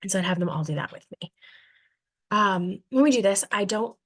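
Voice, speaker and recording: A woman's voice: medium pitch, lively intonation, a little fast. A woman who teaches languages to young students, chatting casually about her reading strategies with lots of fillers and acted-out classroom exchanges. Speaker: elementary world language teacher.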